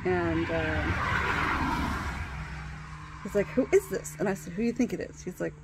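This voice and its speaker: A woman telling a personal story in a casual, halting way, with many pauses and restarts. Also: lowish voice. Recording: faint background noise.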